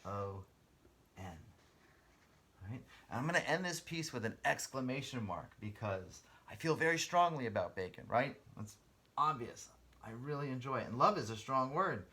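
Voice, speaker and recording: A man's voice: lowish voice, bright, forceful tone, slight background noise. A man teaching a guided writing lesson to kindergarten children, spelling words out letter by letter and encouraging them in a friendly way.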